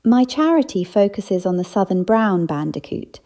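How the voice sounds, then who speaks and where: A woman voicing a snobbish society woman who speaks in an overly posh, flat monotone. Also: medium pitch, moderate pace.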